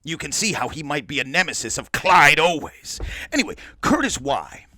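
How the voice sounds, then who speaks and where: Brief: middle-aged man, podcast host, lively swooping delivery, bright tone, profane asides. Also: a little high, normal speed, no echo. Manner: boisterous, profane, rambling asides. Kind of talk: casual storytelling monologue.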